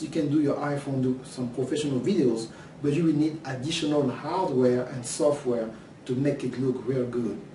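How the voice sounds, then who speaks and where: A French-accented man pitches his online course, animating each point and playing the voices of eager students. His tone is mellow and a touch dark. He sits back from the mic in an echoey room, with faint ambience behind him. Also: recorded from a distance, slight background noise. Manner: animated, acts out imagined questions from students. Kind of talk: course preview talk to camera.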